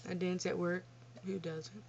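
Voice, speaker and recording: A woman's voice: lowish voice, little pitch movement, a little slow, gravelly, noisy background. A young woman telling childhood stories in a casual vlog Q&A, blunt and profane, often laughing at herself. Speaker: vlogger. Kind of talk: casual storytelling Q&A. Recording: dull lo-fi home recording.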